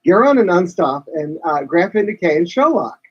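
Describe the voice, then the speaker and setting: A man with a high, husky voice co-hosts a live podcast, adding dry bits of trivia. His audio is dull and muffled. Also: big pitch swings, moderate pace. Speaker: podcast co-host. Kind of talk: casual live podcast chat.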